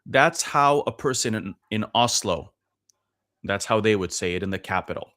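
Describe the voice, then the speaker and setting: A man from Norway talks through his answers in a relaxed podcast chat. His voice sits a little low. He explains patiently and pauses often with "uh" and "um". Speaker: podcast guest. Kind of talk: casual conversational interview.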